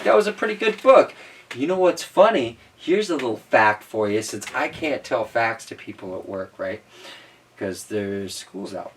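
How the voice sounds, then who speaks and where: Playful man reading a picture book. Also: medium pitch. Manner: playful, chatty, teasing asides to young listeners. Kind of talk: read-aloud storytime with joking asides. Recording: voice a bit distant from the mic.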